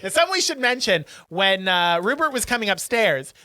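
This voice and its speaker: A man co-hosting a casual podcast, excitedly recapping a movie and acting out the characters' lines. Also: sits high, a little fast, no echo. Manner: animated retelling, acting out film characters' lines. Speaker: podcast co-host. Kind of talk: casual chat.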